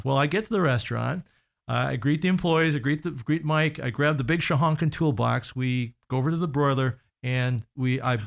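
A middle-aged man, a guest consultant on a radio talk show, telling workplace stories in an earnest, halting way with many restarts and fillers. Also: mid-range voice, gravelly. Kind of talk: casual radio storytelling.

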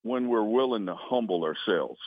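A man in his sixties, a retired military officer, giving earnest, halting interview answers over a phone call and closing each one with "over". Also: lowish voice, lively intonation, dry recording. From United States. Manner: earnest, halting, frequent restarts, says "over" after answers. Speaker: retired Coast Guard vice admiral, guest. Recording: tinny phone line.

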